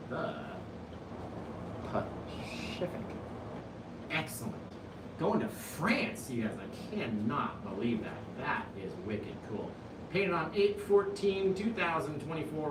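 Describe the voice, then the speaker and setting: Upbeat man in his forties, lively voice. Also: a little high, reverberant, recorded from a distance, background noise. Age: 40s. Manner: enthusiastic and playful, joking and gushing. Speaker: painting instructor and live stream host. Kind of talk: live-streamed painting lesson, reading chat aloud. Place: painting studio.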